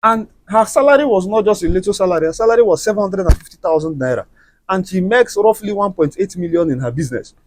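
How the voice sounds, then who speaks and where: A man's voice: high voice, expressive, fast talker, darkish tone, a little hiss or hum. A Nigerian man with an Igbo accent, a native Igbo speaker, chatting in a casual, opinionated movie review and lecturing the listener with conversational tags.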